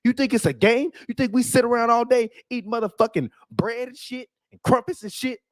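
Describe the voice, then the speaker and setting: A man's voice: extremely high pitch, a little fast, no echo, studio quality, voice pushed up. A man putting on the voice of a brash, profane French basketball star who threatens anyone who insults him. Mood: menacing bravado. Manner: loud, profane, boastful threats.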